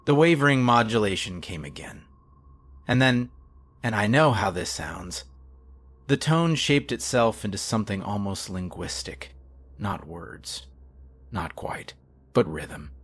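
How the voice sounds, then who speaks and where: A man reading a horror story in a measured, hushed, low-key way. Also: animated. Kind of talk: scripted horror narration.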